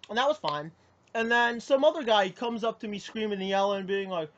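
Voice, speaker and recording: A man's voice: high voice, a little fast, a bit bright. Indignant young man, muffled lo-fi audio. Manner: rambling, indignant retelling with many restarts. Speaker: card game player. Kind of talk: personal account to camera.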